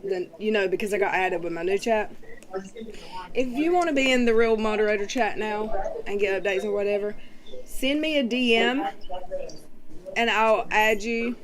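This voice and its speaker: A woman hosting a casual livestream, rambling with fillers as she reads and answers chat comments. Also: medium pitch. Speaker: livestream host.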